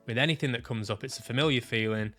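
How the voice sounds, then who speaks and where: A man of middle pitch talks through his own experience in a reflective, unhurried vlog. He often restarts his sentences and swears casually as he gathers his thoughts. Soft music plays faintly behind him. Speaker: vlogger sharing personal experience. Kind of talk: reflective personal vlog monologue.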